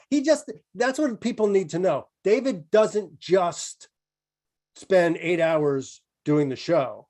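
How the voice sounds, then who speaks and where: A man's voice: a little high, very animated, slow pace, a little mellow. Rambling, self-amused comedian man. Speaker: comedian guest. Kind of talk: casual chat.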